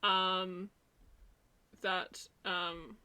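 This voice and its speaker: Woman hosting a chill stream, rambles a lot, bright voice. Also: fairly low pitch, little pitch movement, drawn-out words, clear, resonant tone. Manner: rambling, lots of fillers and restarts. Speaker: host. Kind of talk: casual livestream chat.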